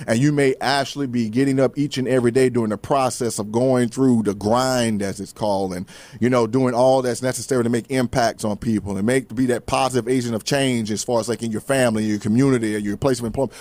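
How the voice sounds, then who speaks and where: A man's voice: mid-range voice, steady tone, brisk, a little mellow, no echo. A man hosting a faith-based motivational talk show, speaking casually with folksy asides and frequent restarts. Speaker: host.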